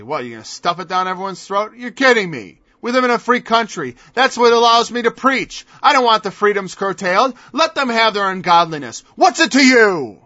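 Male preacher, high bright voice, emphatic and mocking sermon delivery, dry dull lo-fi recording. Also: very animated, a little fast, few pauses, no room sound. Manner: emphatic, mocking rhetorical questions.

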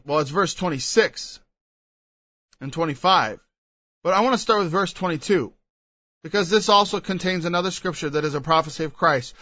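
Male preacher, high bright voice, reads verse then expounds, dry and slightly dull recording. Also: no echo. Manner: reads scripture aloud, then explains it with emphatic asides. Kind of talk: expository Bible sermon.

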